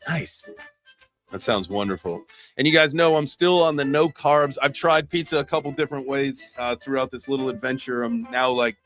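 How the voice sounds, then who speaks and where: A man hosting a casual crypto livestream, joking loosely and swearing freely. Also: mid-range voice. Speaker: host.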